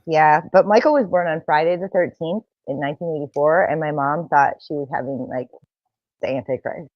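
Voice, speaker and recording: A woman co-hosting a casual live-streamed chat, chatty and teasing, quick to giggle. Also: deep voice, dry recording, dull audio. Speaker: podcast co-host.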